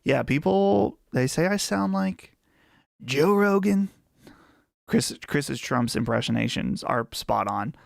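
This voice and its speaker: A man's voice: fairly high pitch, animated, slow, creaky, no room sound. A man with a Western Pennsylvania accent hosting a casual live chat stream, chatty and rambling on a close mic. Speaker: livestream host.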